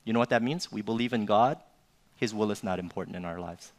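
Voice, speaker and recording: A male pastor with a lowish voice preaches quickly and informally, his conversational sermon full of tags like "you know" and "right?" at the ends of sentences.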